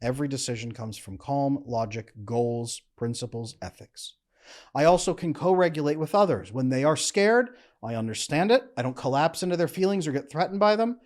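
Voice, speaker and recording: A man giving a motivational talk as a relationship coach, speaking in calm, measured, emphatic short phrases. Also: mid-range voice.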